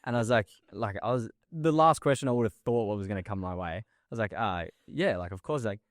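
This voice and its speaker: A man's voice: lowish voice, fast talker, no room sound, studio quality. A young Australian man, a guest in a casual interview, telling stories animatedly with lots of fillers and laughs.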